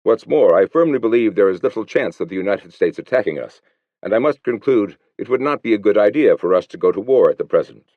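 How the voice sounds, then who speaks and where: A man lends his deep voice to a middle-aged finance minister who keeps pressing and arguing. The delivery swings lively, and the recording sounds dry and a little muffled. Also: a little fast, no room sound. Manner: insistent questioning.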